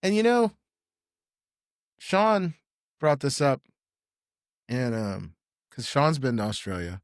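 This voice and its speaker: A man's voice: mid-range voice, very animated, takes it slowly, dry recording, clean studio sound. A young man talking as a podcast guest in a casual chat, blunt and rambling, swearing freely.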